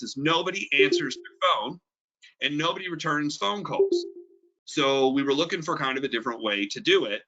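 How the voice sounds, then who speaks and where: Over a dull, lo-fi video call, a middle-aged network marketing presenter delivers a business pitch in a medium-pitched, bright, forceful voice. He's conversational but emphatic, repeating his main points.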